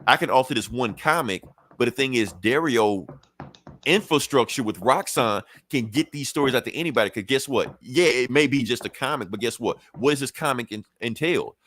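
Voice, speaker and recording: A man hosting a podcast, recapping a comic in a casual, animated way, swearing freely and briefly acting out characters' lines. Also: medium pitch, brisk, no room sound. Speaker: podcast host.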